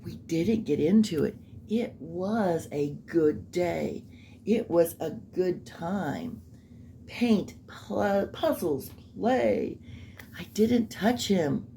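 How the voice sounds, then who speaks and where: A woman's voice: lowish voice, expressive, extremely slow, creaky, mellow, a little hiss or hum, exaggerated voice. A woman voicing a self-pitying female suspect who insists she is innocent, in a pleading, melodramatic tone.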